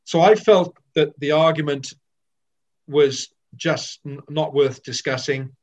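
An older man from Wales recalls his playing days in a candid, animated way, often restarting his sentences. His voice sits a little high for a man. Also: slow. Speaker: former cricketer. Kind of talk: reminiscing storytelling.

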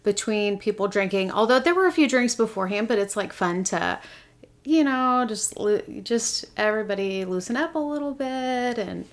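A woman's voice: mid-range voice, animated, moderate pace. Giggly woman chatting playfully. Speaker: podcast co-host. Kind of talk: casual chat.

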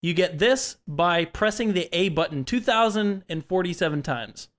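A young man with a slightly higher voice runs a casual quiz among friends. He reads each item out plainly and breaks into laughter often. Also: expressive, normal speed, fairly bright tone. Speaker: quiz host. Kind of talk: casual podcast chat.

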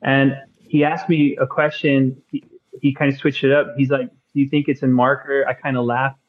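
A man guest on a podcast, telling a personal faith story in an earnest, excitable way with casual slang. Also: mid-range voice, normal speed, phone-quality sound. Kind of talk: casual testimony chat.

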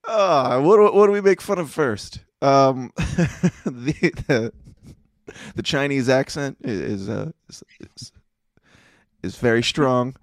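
Male podcast host, mid-pitched voice, dry close mic, rambling and hesitant. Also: lively intonation, slow pace, no room sound. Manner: rambling, hesitant, laughs often. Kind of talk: casual news commentary chat.

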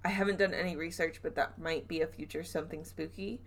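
A woman's voice: low voice, fairly even intonation, fast. A woman hosting a podcast, telling a spooky story in a chatty way with frequent laughs and fillers. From Southern US. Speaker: podcast host. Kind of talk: casual storytelling chat.

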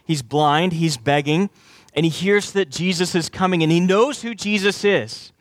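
A man's voice: on the high side, normal speed, dry recording. A man preaching a sermon as a pastor, talking conversationally and acting out quoted voices.

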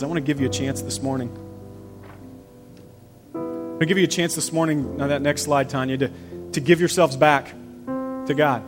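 A man's voice: fairly high pitch, fairly even intonation, moderate pace, long pauses. A man preaching a conversational sermon to his church, acting out the voices of the people he quotes. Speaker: pastor. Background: soft piano and guitar music.

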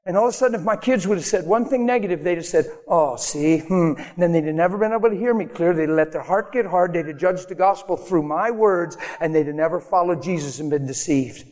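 High-voiced animated preacher man. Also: fast, hardly any pauses, in a large hall. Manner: animated, acts out quoted voices, laughs. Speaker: pastor. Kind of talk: sermon.

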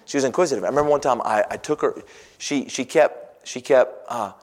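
A man preaching a sermon, telling homey stories and swinging from soft, low asides to loud, exclaiming passages. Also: fairly quick. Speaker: pastor.

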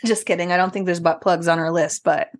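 A woman's voice: fairly low pitch, fairly even intonation, a little fast. A woman co-hosting a podcast in casual chat, playful and giggly, swearing freely. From North America. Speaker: podcast co-host.

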